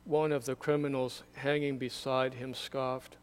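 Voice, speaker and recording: Slow, smooth-voiced man reading scripture. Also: mid-range voice, little pitch movement. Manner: measured, solemn reading. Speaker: scripture reader. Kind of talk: liturgical scripture reading at a candle service.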